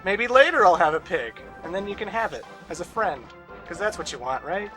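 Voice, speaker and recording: A man's voice: sits high, expressive, brisk, over music. A young man commenting on a video game as he plays, casual and sarcastic, with ranting asides and swearing. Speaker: let's play host.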